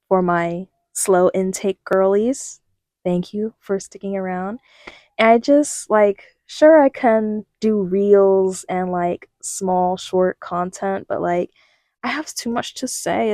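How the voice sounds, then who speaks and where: A woman's voice: mid-range voice, no room sound. A young woman giving a casual life update on her vlog, telling stories with lots of fillers and acting out quotes. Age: young adult. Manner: animated storytelling, many fillers, quotes herself. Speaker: vlogger.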